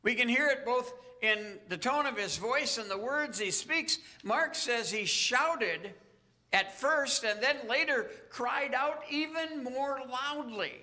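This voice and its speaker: Preaching a sermon, a male pastor uses a high, very bright voice. His delivery is slow and earnest, with dramatic pauses splitting his phrases.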